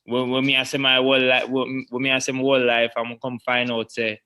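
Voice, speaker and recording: A man's voice: medium pitch, completely flat delivery, brisk, pushed and bright, clear, resonant tone. A man hosting a casual chat, hesitant and restarting his phrases. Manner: hesitant, many fillers and restarts. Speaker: host.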